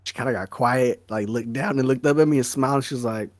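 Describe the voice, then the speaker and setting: Slangy, animated man telling a story. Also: medium pitch, fast talker, no room sound. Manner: slangy, animated storyteller, says "bro" and "dog" a lot. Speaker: podcast co-host. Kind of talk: casual chat.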